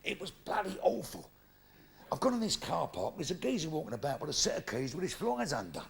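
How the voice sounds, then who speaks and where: Onstage before a live, laughing crowd, a middle-aged man performs crude, punchy stand-up full of swearing. His voice is a little high, sing-song and creaky, and he talks fairly quickly.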